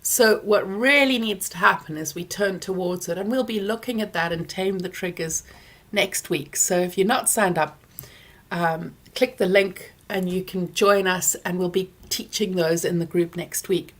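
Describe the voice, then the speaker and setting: A woman therapist hosting a live online Q&A, explaining calmly with many fillers and restarts while talking around a throat lozenge. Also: on the low side, moderate pace. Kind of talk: live online Q&A, answering viewer questions. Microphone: close mic near her ears.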